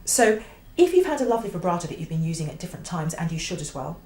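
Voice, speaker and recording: A woman's voice: on the low side, very animated, fast talker, warm tone, slight background noise. Oboe teacher woman in a roomy space. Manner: clear, emphatic, occasionally sings phrases. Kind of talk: instructional explanation.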